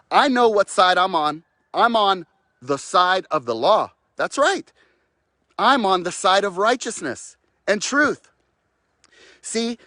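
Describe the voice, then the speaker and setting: A fired-up man with a high, ringing voice preaches outdoors into a close phone mic. He hammers his points with repetition and mocks the voices of others. The sound is dry, with almost no room reflection. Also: a bit bright, no echo. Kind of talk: impassioned outdoor rant.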